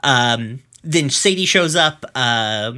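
A man casually recapping a cartoon episode on a podcast, loose and profane, with lots of fillers and quick asides. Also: mid-range voice, expressive, sharp tone.

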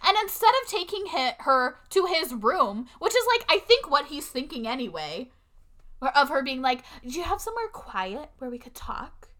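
Young female co-host, high pitched, acts out quotes, casual animated storytelling. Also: normal speed. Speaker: podcast co-host recapping a film. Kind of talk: casual chat.

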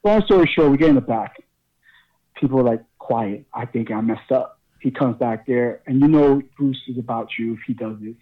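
A man's voice: medium pitch, moderate pace, narrow, tinny audio. A man who wrestles professionally, telling a story from the ring in a casual, swearing, laughing way. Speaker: pro wrestler guest.

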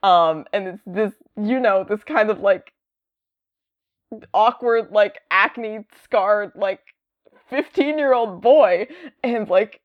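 A woman in casual podcast chat about comics, rambling with many fillers and lively quoted voices. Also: mid-range voice, takes it slowly, narrow, tinny audio.

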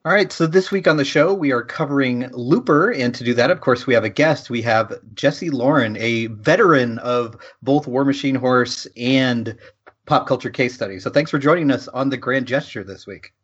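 A man hosts a casual podcast, joking and laughing readily. His voice sits at an ordinary pitch. The recording is a little dull and lo-fi. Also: normal speed, fairly bright tone, slightly rough. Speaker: podcast host. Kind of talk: casual chat. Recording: slightly dull, lo-fi sound.

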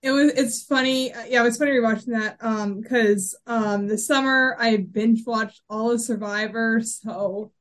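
A woman's voice: fairly high pitch, steady tone, unhurried, hardly any pauses. A woman co-hosting a podcast, talking casually and thoughtfully in a rambling way. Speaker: podcast co-host.

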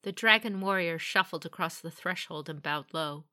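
A woman narrates a fantasy audiobook in a steady, even storytelling manner. Her voice sits slightly low yet sounds bright and crisp. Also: normal speed.

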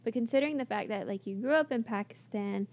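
A woman's voice: fairly high pitch, quick pace, a little mellow. A young adult woman hosting a casual college radio interview, responsive with frequent "yeah" backchannels.

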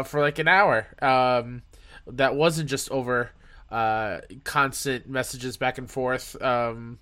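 A man's voice: medium pitch, sharp tone. A man hosting a casual podcast, introducing and interviewing a guest in an upbeat, friendly, rambling way. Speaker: podcast host.

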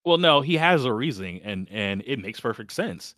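A man's voice: mid-range voice, sing-song, moderate pace, a bit bright. A man co-hosting a casual book discussion, mock-earnest and sarcastic. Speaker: podcast co-host. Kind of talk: casual book review chat.

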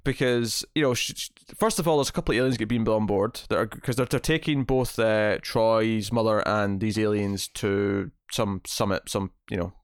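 A man's voice: fairly low pitch, normal speed, few pauses, smooth, dry recording. Man animatedly recapping in a dry room. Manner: rambling, animated recapping of episode scenes. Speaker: podcast co-host. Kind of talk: casual chat.

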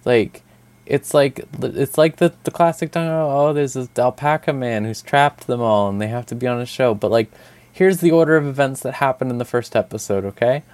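A man co-hosting a casual podcast chat, telling stories in a rambling, animated way with lots of fillers and swearing. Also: mid-range voice, a little fast, no echo. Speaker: podcast co-host.

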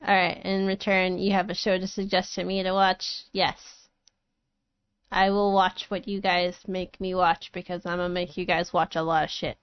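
A woman's voice: lowish voice, flat delivery, normal speed, smooth, dry recording. Gushing woman in casual chat. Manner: enthusiastic, swears casually, many restarts. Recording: dull lo-fi, dry sound.

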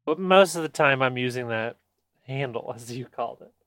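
A man's voice: medium pitch, expressive, normal speed, fairly bright tone, smooth, no echo. A man co-hosting a casual podcast chat, prone to giggles and crude jokes, often restarting his sentences. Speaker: podcast co-host.

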